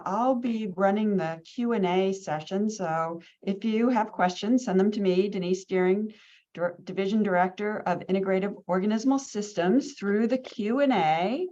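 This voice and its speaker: A woman's voice: mid-range voice, moderate pace, warm tone. A woman hosts a webinar and reads out audience questions in a friendly, loose way, with frequent fillers. Her mid-range voice comes through slightly dull video call audio. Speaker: webinar host and moderator. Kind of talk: moderating a Q&A.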